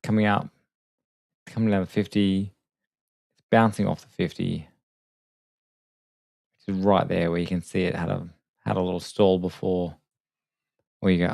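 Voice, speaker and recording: A man hosting a live trading stream late at night, talking quietly and casually with self-deprecating asides. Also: sits low, level tone, measured pace, vocal fry, long pauses, no echo. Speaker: trading livestream host. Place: home desk at night. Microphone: desk microphone.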